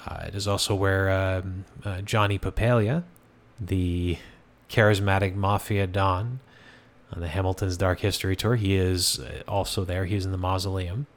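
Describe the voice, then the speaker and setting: A man hosting a show, telling a ghost story in a relaxed, conversational way with frequent fillers and restarts. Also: low-pitched, moderate pace. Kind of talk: casual storytelling.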